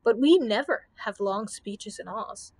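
A woman's voice: medium pitch, animated, measured pace, a little mellow, husky. A woman voicing a fussy, squeamish male scarecrow of straw in a storybook reading. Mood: cheerful. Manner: exclaiming, indignant.

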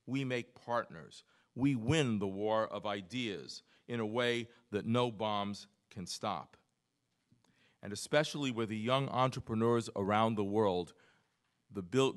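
Low-voiced American man moderating a panel. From United States. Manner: earnest, with light self-deprecating humor and many fillers. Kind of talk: conference speech and panel introduction. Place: conference hall.

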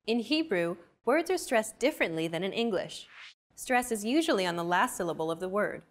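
A woman hosting a language lesson, explaining pronunciation in a clear, even, scripted way. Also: medium pitch, a little fast. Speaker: lesson host.

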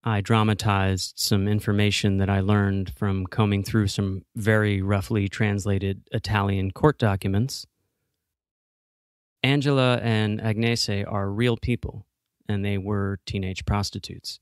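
A man hosting a true crime podcast, reading scripted narration in a measured, matter-of-fact way. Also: lowish voice, fairly even intonation, smooth, no echo, clean studio sound. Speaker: podcast host.

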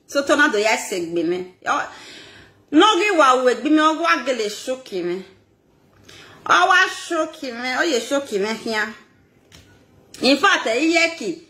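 A woman's voice: fairly high pitch, reverberant. A Nigerian woman ranting on a live video, scolding and laughing as she talks. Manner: animated, scolding, laughs often. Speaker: social media personality.

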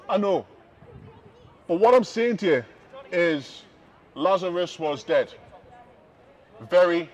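A man's voice: high voice, a little mellow, breathy edge. A man preaching an open-air street sermon, impassioned and repetitive, building emphasis. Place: outdoors on a city street. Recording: dull lo-fi outdoor recording with faint noise.

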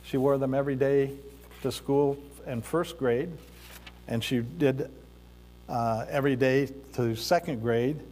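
A man preaching a sermon in a church sanctuary, speaking deliberately with pauses and the odd filler as he tells a story. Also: mid-range voice, steady tone, a little mellow. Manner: slow, deliberate delivery with pauses and occasional fillers. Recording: reverberant church hall.

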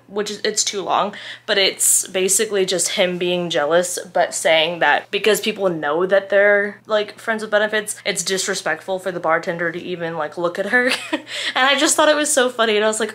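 A woman's voice: mid-range voice, a little fast, fairly bright tone. A woman in her twenties chatting casually to camera at home as a book vlogger, candid and rambling, often trailing off mid-thought. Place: home, indoors.

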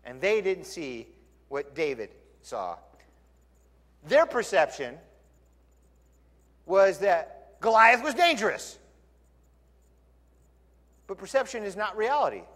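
A male pastor preaching a sermon in a lively, conversational storytelling way, in a church sanctuary. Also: high-pitched, slow, long pauses. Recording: long church hall reverb.

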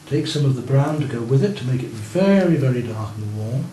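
Expressive and a little fast, with a mellow medium-pitched voice, this art teacher guides novice painters as he works. He encourages them and keeps checking their work. The room sounds roomy, and there's faint noise.

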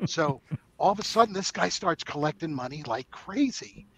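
A man's voice: a little high, animated, normal speed, husky, dry recording, rough recording. A man on a webinar panel, a former controller, telling jokey anecdotes from his career.

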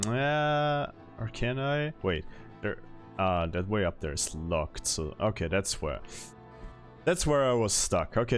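A man streaming a video game, chatting casually with viewers and laughing often as he plays. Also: deep voice. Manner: chatty, reads chat aloud, laughs often. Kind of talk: casual gameplay commentary.

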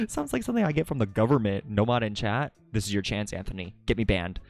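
This streamer talks fast with vocal fry, very animated as he chats live with his viewers from his home room. He's playful and theatrical, breaking into high squeaky voices for jokes in a casual stream.

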